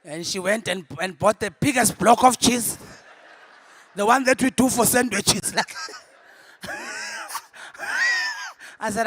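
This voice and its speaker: Young South African woman, Zulu first language, stand-up comic; lively and quick to laugh, loud punchlines and quiet asides, dry close sound. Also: a little high, husky, no echo. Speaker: stand-up comedian. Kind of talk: stand-up comedy set. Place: convention ballroom.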